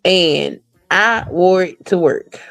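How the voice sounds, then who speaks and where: A woman talking in a casual podcast chat, blunt and profane, telling animated stories. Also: lowish voice, takes it slowly, gravelly, no echo, rough recording.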